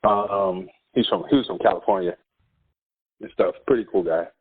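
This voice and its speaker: A man with a low, husky voice tells stories in a laid-back way and laughs often. He is a school counselor and a guest on a casual podcast. The audio is narrow and phone-like. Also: moderate pace.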